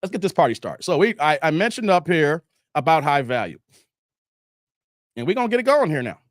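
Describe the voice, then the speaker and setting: A middle-aged man chats on his livestream, reading out comments and greeting viewers one by one. His voice sits high for a man and jumps around as he jokes and laughs. The sound is dry and close, with no room around it. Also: a little fast, dry recording. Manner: joking, animated, shouting out viewers. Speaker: livestream host.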